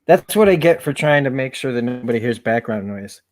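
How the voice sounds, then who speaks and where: An easygoing man co-hosts a casual review podcast. He talks in a mid-pitched voice, loose and relaxed. His sentences are padded with ums and likes. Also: fairly quick. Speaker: podcast co-host.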